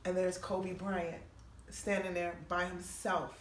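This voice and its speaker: In a fairly low voice at a slow pace, a woman comedian appearing as a podcast guest relates a long, profanity-laced story, lively in tone and acting out its people with quoted voices. The recording has a distant, roomy mic and faint noise.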